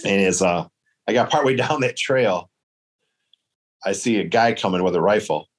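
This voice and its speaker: A man from Michigan, a guest on a show, telling a story in a relaxed, rambling way and acting out the voices of people he met. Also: fairly low pitch, normal speed. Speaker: guest, traditional bow hunter. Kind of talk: casual storytelling.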